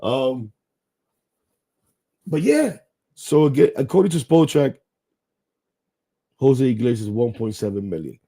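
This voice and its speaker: A man's voice: mid-range voice, big pitch swings, measured pace, creaky, long pauses, warm tone, slightly rough. A man hosting a live sports talk show, rambling bluntly, swearing casually and talking straight to his viewers. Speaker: podcast host.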